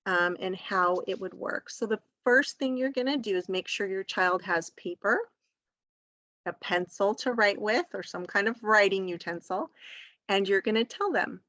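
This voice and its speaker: A woman's voice: medium pitch, measured pace, a bit bright, no echo. A woman teacher walking parents through a home reading activity step by step, patient and encouraging, with frequent "um"s and "okay?" check-ins. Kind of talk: instructional walkthrough for parents.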